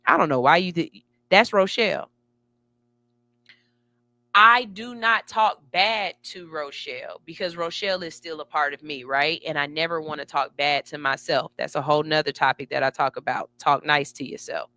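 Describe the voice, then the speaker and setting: A woman's voice: sits low, normal speed, dry recording. A woman radio host giving an emphatic, sassy motivational talk. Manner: emphatic, sassy, building excitement.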